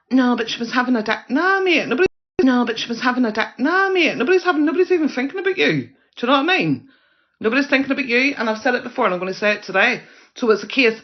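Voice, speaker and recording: A woman's voice: mid-range voice, muffled recording. A woman ranting on a live stream, combative and sarcastic, repeating her points. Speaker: livestreamer.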